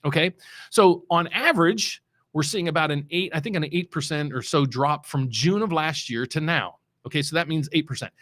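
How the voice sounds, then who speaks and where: A man's voice: on the high side, moderate pace, fairly bright tone. A middle-aged man from West Virginia, a mortgage loan officer hosting his show, talking in a loose, rambling way with many restarts and heavy stress on key words. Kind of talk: casual unscripted market commentary.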